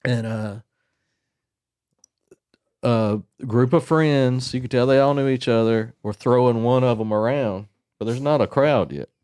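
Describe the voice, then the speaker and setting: A man in his forties co-hosting a casual chat, telling a story in a rambling, self-mocking, animated way. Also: medium pitch, measured pace, smooth, dry recording, clean studio sound. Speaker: podcast co-host.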